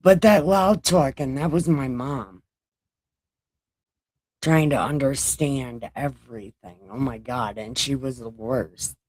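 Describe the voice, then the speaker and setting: A middle-aged woman chats on her livestream in an unhurried, drawn-out way and is openly mouthy, swearing without a second thought. Her voice sits close and dry, with almost no room sound around it. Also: extremely low pitch, darkish tone, dry recording. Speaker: livestream host. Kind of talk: casual livestream chat.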